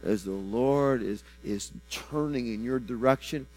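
A man in prophetic ministry speaks a personal word over someone. He is fervent and repeats phrases, swinging from loud bursts to soft, low drops and stumbling into restarts. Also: measured pace, soft background music, poor audio.

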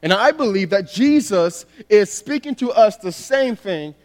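A man with a noticeably high voice delivers a sermon, talking easily like he's chatting with friends and peppering it with "you know". His voice rings out with a long hall reverb. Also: animated, measured pace, few pauses, a little mellow. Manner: conversational, storytelling, frequent "you know". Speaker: pastor.

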